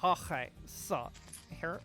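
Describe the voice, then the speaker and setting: Hesitant game master, fairly high voice. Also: male voice, slow pace, music in the background. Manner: relaxed, hesitant with fillers. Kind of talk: narrating a tabletop game.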